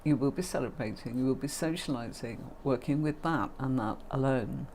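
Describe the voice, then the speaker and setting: Speaking at a normal speed in a bass voice with a darkish tone, a middle-aged woman runs a tarot livestream and teaches the cards. She's chatty and fond with her audience, calling them "darling" and "my lovely," and a slight hiss or hum sits under the recording.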